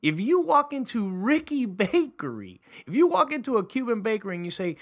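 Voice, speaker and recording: A man hosting his own podcast as a title attorney, venting and telling stories in a casual, animated monologue. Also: very high-pitched, fairly quick, hardly any pauses. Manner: animated storyteller, acts out voices.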